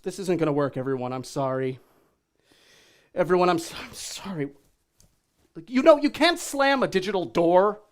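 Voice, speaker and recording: A man's voice: high voice, slight background noise. A man performing in a live-streamed theater show who keeps apologizing, getting exasperated and swearing as things go wrong. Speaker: stage performer. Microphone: video call.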